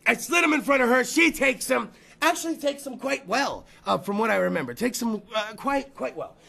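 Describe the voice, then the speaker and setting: A male podcast host telling a rambling, profane story in a loud casual chat, repeating phrases and breaking into shouts. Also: very high voice, expressive, moderate pace, vocal fry.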